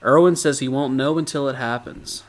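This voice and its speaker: A man co-hosting a podcast, recapping episodes in a casual, animated way and laughing often. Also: medium pitch, moderate pace.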